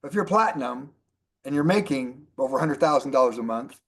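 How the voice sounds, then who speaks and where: A middle-aged man giving a motivational training talk as a network marketing trainer, animated and repeating his key points for emphasis. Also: medium pitch, brisk.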